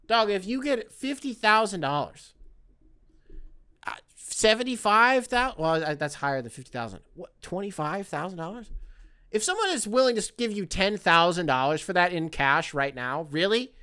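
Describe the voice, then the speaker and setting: A man hosting a podcast, rambling in casual solo commentary with lots of swearing and excitable outbursts. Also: sits high, moderate pace, smooth. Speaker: podcast host.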